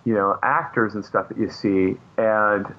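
A man's voice: fairly low pitch, steady tone, unhurried, highs cut off, a little hiss or hum. A man who is a comic book artist, a guest chatting casually and rambling with many fillers. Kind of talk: casual chat.

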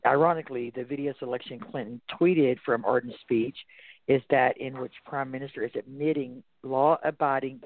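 A man's voice: medium pitch, no echo. A man with a Texas accent hosting a talk radio discussion, reading articles aloud and commenting in a casual way. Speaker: radio host. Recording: tinny phone-like line, dry.

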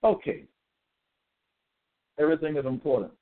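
Expressive and mid-pitched, a man preaches a religious monologue, reading scripture aloud and pressing each point hard. He repeats himself emphatically, slowing on key words, while the sound comes across thin and tinny as if over a phone.

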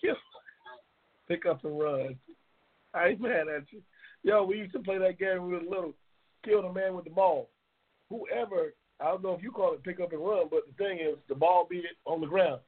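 A man's voice: high voice, moderate pace, slightly rough. A man hosting a casual live-stream talk show in a loose, slangy, rambling manner, repeating his phrases. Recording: tinny phone-like line.

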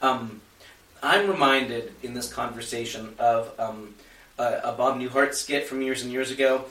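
A man's voice: mid-range voice, a little slow, pushed and bright, echoey room, recorded from a distance, poor audio. A man co-hosting a podcast, talking through theology in a thoughtful, rambling way. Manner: thoughtful, rambling, self-correcting. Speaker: podcast co-host. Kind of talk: casual theological discussion.

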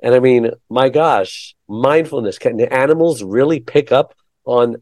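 A man hosts a casual interview, telling a story in a chatty, halting way with plenty of fillers. His voice is mellow and warm at a middle pitch, recorded close and dry with no room sound. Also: dry recording. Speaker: interview host.

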